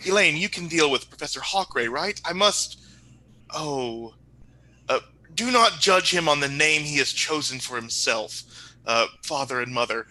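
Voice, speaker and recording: A man's voice: a little high, animated, unhurried, bright, forceful tone, dry recording, pitched above the performer's own voice, full character voice, low-quality recording. A man voicing a grandiose young fae prince. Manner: lofty, archaic, declamatory phrasing.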